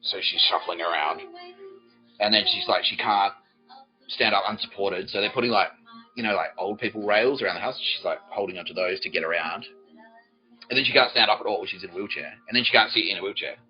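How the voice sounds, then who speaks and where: A man's voice: on the low side, a little fast, dull audio, faint music behind. A man hosting a comedy podcast, telling a long, profane, rambling story with many restarts. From Australia. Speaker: podcast host.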